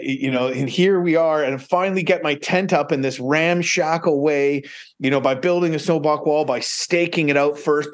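A man, a podcast guest, tells a story casually in a rambling way and often restarts his sentences. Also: a little high. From Canada. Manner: rambling, many fillers and restarts, animated retelling.

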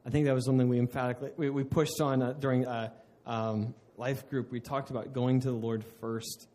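A man's voice: mid-range voice, steady tone, fairly quick, few pauses, mellow. A man preaching a sermon in an earnest way, often restarting mid-phrase and laughing at himself. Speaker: pastor.

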